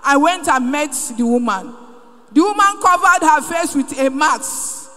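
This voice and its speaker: A woman giving an emotional testimony in a large church, fervent and sometimes rising to a shout. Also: high-pitched, animated, unhurried. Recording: echoey hall.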